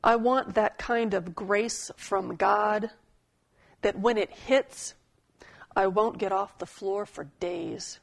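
A woman preacher delivers a sermon at a very slow, measured pace, with a gravelly, creaky edge to her voice. She reads a poem and tells a story with dramatic emphasis. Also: mid-range voice, steady tone. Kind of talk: sermon with storytelling and poetry reading.

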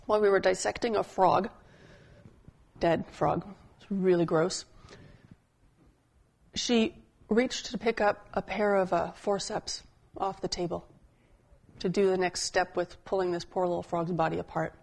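A woman giving a sermon as a pastor, telling stories in a conversational style and slowing down to stress key points. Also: lowish voice, steady tone, vocal fry, a little mellow. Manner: conversational storytelling preaching, slowing for emphasis.

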